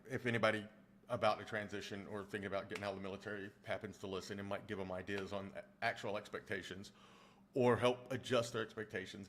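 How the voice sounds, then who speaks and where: Viewers' comments about his narration prompt casual, rambling replies from this streamer and audiobook narrator, who keeps restarting his sentences. The voice is lowish and a bit bright, over a slight hiss or hum.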